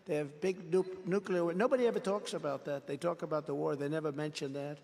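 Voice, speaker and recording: A man's voice: fairly high pitch, fairly even intonation, fast talker, creaky, a little mellow, in a large hall. A man giving an off-the-cuff political rally speech, boastful and repetitive, telling rambling stories in a large indoor venue. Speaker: political speaker.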